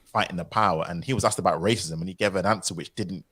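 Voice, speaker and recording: A man speaking on a podcast panel, telling stories with excitable, incredulous outbursts. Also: low voice, fast talker, breathy edge, no echo. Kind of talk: casual panel discussion.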